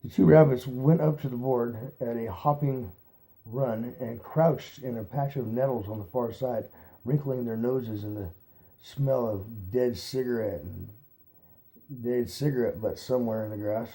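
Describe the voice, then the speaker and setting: A man reading a novel aloud at an unhurried pace, correcting his slips as he goes. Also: medium pitch, dark tone. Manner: unhurried, re-reads stumbles aloud. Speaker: reader.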